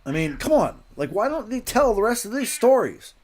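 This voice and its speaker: A man's voice: high-pitched, huge pitch swings, moderate pace, a little mellow. A middle-aged man hosting a live-stream commentary, ranting bluntly and swearing as he reacts to news clips.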